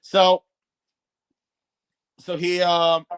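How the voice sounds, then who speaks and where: A man's voice: sits high, completely flat delivery, drawn-out words, a bit bright, clear, resonant tone. A man telling rambling, profane stories on a podcast, with lots of restarts. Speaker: podcast guest co-host. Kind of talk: casual storytelling chat.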